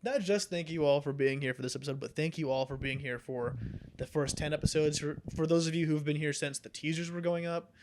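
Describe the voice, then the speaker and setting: A man's voice: a little high, a little fast, noisy background. A young man co-hosting a podcast, telling cartoon plots with lots of laughter and casual swearing. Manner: animated storyteller, laughs often, swears casually. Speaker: podcast co-host. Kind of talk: casual chat.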